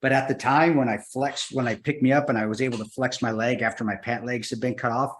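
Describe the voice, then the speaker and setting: A male guest telling a story in a casual interview, animated and laughing, slipping into other people's voices. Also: medium pitch, fast, roomy sound, a little hiss or hum.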